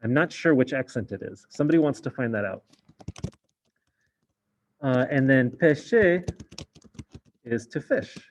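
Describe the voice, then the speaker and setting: A man's voice: medium pitch, lively intonation, a little slow, long pauses, a little hiss or hum. A man teaching a French class in a casual explaining way, with many fillers. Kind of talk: recorded class lesson.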